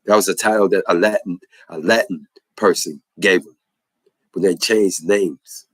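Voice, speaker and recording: A man's voice: low voice, fairly even intonation, unhurried, no echo, low-quality recording. A man giving an impassioned religious testimony in a preacherly way, repeating phrases for emphasis.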